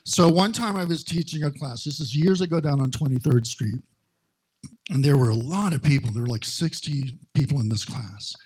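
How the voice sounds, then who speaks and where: A middle-aged male minister giving a sermon, telling personal stories in a slow, conversational way with wry humor. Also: medium pitch, a little mellow, breathy edge.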